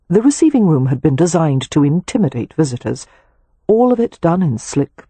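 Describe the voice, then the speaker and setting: A woman narrating an audiobook in a measured storytelling manner, recorded on a close mic. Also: low voice, warm tone, breathy edge, no echo. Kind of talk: scripted narration.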